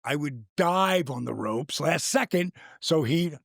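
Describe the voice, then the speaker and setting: An older man with a gravelly voice, animated and swearing freely as he tells a story in casual chat, acting out the quotes. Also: a little high, a little slow, no room sound, clean studio sound. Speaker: guest.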